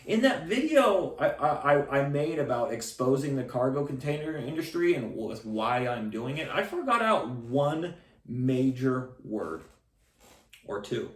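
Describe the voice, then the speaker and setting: A man's voice: mid-range voice, very animated, unhurried. Blunt rambling salesman in an echoey room. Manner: blunt, rambling, many restarts and fillers. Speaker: container salesman and channel host. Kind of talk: casual talk to camera. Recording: echoey room, voice a bit far from mic.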